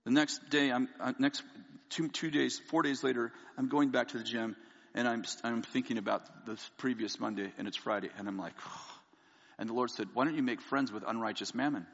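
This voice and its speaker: A man preaching a sermon, telling a candid, self-mocking personal story and quoting people in lively voices. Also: medium pitch, moderate pace, gravelly. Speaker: pastor. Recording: dull lo-fi audio with long hall reverb.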